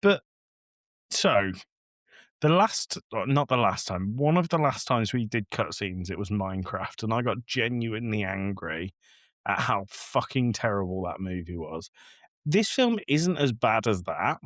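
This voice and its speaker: A man's voice: lowish voice, very animated, a little slow, a bit bright, no echo, clean studio sound. A man co-hosting a podcast, ranting in a casual, exasperated way and acting out scenes. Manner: exasperated, ranting, acts out lines from the film. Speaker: podcast co-host. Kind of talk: casual film review chat.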